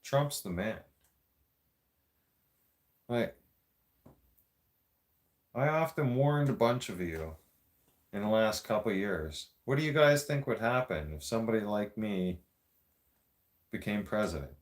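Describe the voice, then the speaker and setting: A man's voice: fairly low pitch, expressive, unhurried, pauses often. A man with a Toronto Canadian accent, ranting to camera in a blunt, profane and sarcastic vlog monologue. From Greater Toronto Area, Canada. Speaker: vlogger.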